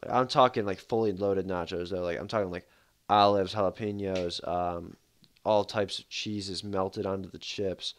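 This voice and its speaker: A man's voice: sits low, steady tone, moderate pace. A man streaming a game, chatting casually in a rambling, laid-back way full of fillers. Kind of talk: casual livestream commentary.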